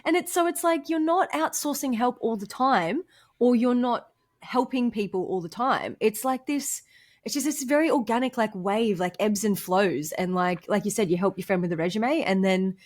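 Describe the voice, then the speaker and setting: A woman's voice: on the high side, normal speed. Bubbly young woman chatting. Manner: bubbly, laughs often, lots of "like". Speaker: podcast co-host. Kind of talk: casual chat.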